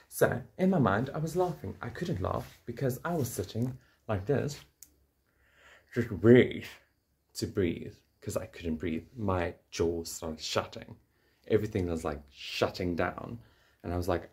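A low-voiced man with a South African English accent talks straight to the camera. He tells a personal story in a casual, joking way and swears freely. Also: measured pace. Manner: swearing, joking, animated retelling. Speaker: vlogger.

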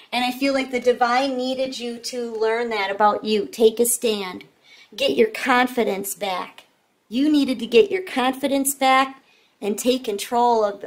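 A woman's voice: on the high side, fairly even intonation, unhurried. A woman giving a casual tarot reading, talking straight to the viewer in an earnest, repetitive way. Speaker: tarot reader.

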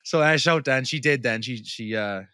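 A man's voice: medium pitch, moderate pace, pushed and bright, smooth, no echo, clean studio sound. Teasing laid-back young man. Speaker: podcast co-host. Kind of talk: casual chat.

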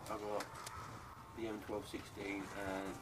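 A man's voice: lowish voice, completely flat delivery, unhurried, loud music behind the voice. A young man teasing his friend in casual banter during a zombie game. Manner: joking, teasing. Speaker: co-player. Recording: distant mic, loud game noise.

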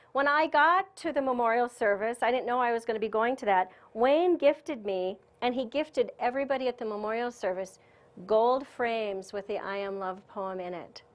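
Woman lecturer, a bit higher voice, lively storyteller who laughs easily, speaking to a conference room. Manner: chatty, animated storyteller who laughs often. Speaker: spiritual teacher giving a lecture.

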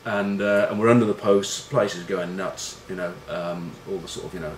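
A middle-aged former rugby player rambles through stories with plenty of swearing, fillers and self-mockery. His voice sits a bit low. The room is echoey, with a faint background hiss. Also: little pitch movement, normal speed. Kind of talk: casual storytelling. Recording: roomy room echo with faint noise.

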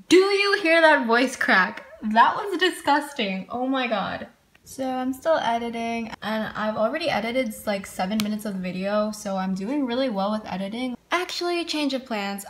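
A young woman vlogging casually from her bedroom, bubbly and gushing with excitement, into a camera mic. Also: mid-range voice. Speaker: beauty vlogger. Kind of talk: casual vlog chat.

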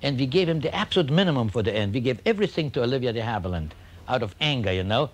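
An older man, a film director, telling stories in an interview in a halting, wry way, full of pauses and restarts. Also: medium pitch, expressive. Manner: wry storyteller. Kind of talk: reminiscing interview anecdote.

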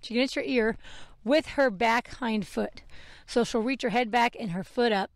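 A slightly high-voiced woman speaks at normal speed as she grooms her horse outdoors, hosting a casual talk. She's a podcast host and trainer who rambles, corrects herself, and laughs at her flubs. A wearable mic gives a dry recording.

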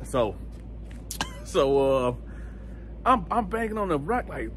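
A man telling a story casually to camera, lively and acting out other people's voices. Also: high voice, slow, a little hiss or hum. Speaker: channel host telling prison stories.

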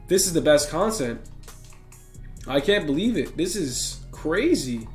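A young man giving excitable, slang-heavy commentary on a basketball video game and talking straight to his viewers. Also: fairly high pitch, a little slow. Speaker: gaming YouTuber. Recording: echoey room with faint music.

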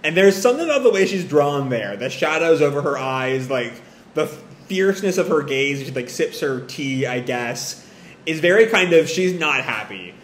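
A man reacting live to a manga chapter in a casual, exasperated way, swearing freely. His voice sits a bit high and swings widely in pitch. The recording is echoey, with a faint hiss. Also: animated, moderate pace.

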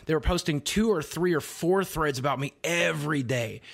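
A man's voice: on the high side, moderate pace, creaky, fairly bright tone. A man guesting on a podcast over a group call, talking bluntly and rambling through profane stories. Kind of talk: casual podcast chat. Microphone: call-in mic on a group voice call.

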